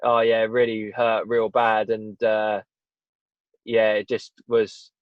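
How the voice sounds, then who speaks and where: A man's voice: lowish voice, monotone, takes it slowly, no echo. Young male guest, candid storyteller, restarts often, muffled lo-fi audio. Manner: rambling, candid, frequent restarts. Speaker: guest, fitness business owner. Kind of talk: casual podcast interview. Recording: dull dry lo-fi audio.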